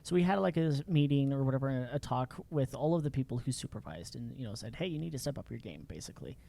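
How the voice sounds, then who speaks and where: A man telling lively stories in a casual podcast chat, laughing often. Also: medium pitch, fast talker, gravelly, slight background noise. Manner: animated, laughing storyteller.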